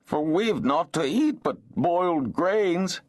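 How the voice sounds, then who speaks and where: A cringing, slovenly farmer with a high, plaintive whine that stammers and snivels. His voice climbs well above the narrator's own and has a different, thinner timbre. It is an audiobook character voice. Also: animated, slow pace. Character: whining, cringing grown man, a slovenly evicted farmer.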